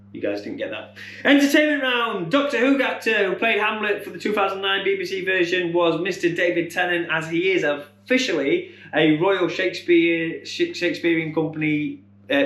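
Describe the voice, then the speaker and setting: Chatty quiz host, bit high-voiced. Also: male voice, a bit bright. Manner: chatty, rambling asides, jokey. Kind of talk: casual quiz answer run-through. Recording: echoey room.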